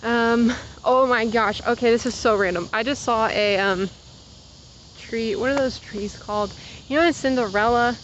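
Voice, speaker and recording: A vlogger in her twenties, with a slightly high voice, chats casually while walking outdoors, rambling through side stories. She's a little out of breath from heading uphill, and the muffled recording has a little hiss or hum.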